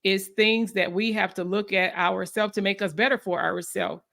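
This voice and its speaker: A woman's voice: medium pitch, fairly even intonation, normal speed, creaky, fairly bright tone. Woman interviewer; mid-range voice, probing, rambling questions. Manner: searching, rambling questions with restarts. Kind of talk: interview conversation.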